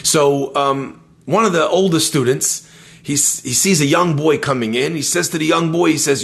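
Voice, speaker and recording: A man teaching a lively Torah lesson, telling stories and using Hebrew terms. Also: on the high side, moderate pace, creaky. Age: adult, schooled in yeshiva. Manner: animated storyteller, uses Hebrew terms.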